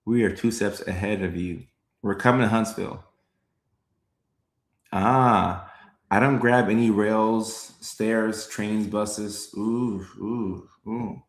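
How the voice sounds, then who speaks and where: A man's voice: on the low side, steady tone, a little slow, reverberant. A young man, a comedian, chatting casually on a live stream, reading comments and repeating his lines with a laid-back chuckle.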